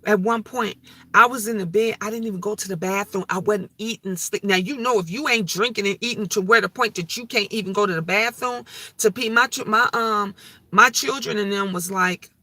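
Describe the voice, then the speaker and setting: A woman's voice: medium pitch, brisk, pushed and bright, dry recording. A middle-aged woman talking on her vlog livestream in a heartfelt, emotional and repetitive way. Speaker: vlogger. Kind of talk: casual livestream talk.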